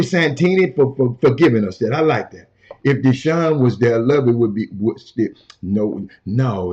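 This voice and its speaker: A man's voice: mid-range voice, a little mellow. A man hosting a sports talk show from a hotel room, talking casually and emphatically, repeating his points and calling out to his cohost and viewers. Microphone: portable camera. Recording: dull lo-fi sound.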